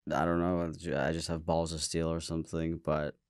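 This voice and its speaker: A man's voice: very deep voice, completely flat delivery, a little fast, a little mellow, no echo, clean studio sound. A man hosting his own show, telling a personal story in a candid, casual way, swearing and stammering as he goes. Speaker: podcast host.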